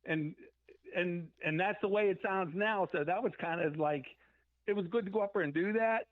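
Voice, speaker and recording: High-voiced man on a phone line. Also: moderate pace, no room sound. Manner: rambling, acts out quotes from memory. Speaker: musician guest. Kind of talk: casual interview storytelling.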